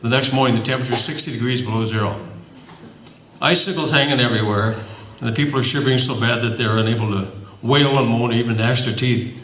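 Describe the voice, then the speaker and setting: A man's voice: mid-range voice, fast, fairly bright tone. A man telling a joke at a party, rambling with fillers and restarts. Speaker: joke teller. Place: party hall. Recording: roomy hall with faint noise.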